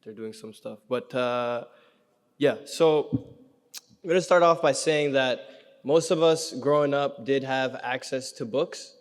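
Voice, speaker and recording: A man's voice: mid-range voice, unhurried. A young man from Canada hosting a gala, doing stand-up and running an auction, teasing the crowd with energy. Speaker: comedian and gala host. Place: large reverberant banquet hall. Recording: echoey hall sound.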